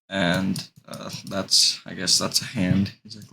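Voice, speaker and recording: A young man talks through a casual vlog, rambling and hesitant with plenty of fillers. His voice sits low with a gravelly edge. He speaks slowly and unhurried. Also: flat delivery, pushed and bright, slight background noise. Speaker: vlogger.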